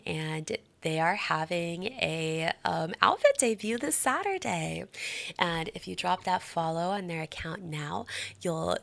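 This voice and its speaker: A woman's voice: fairly low pitch, vocal fry, a bit bright. A young adult woman streaming live, chatting with her viewers in a bubbly, giggly, gushing way.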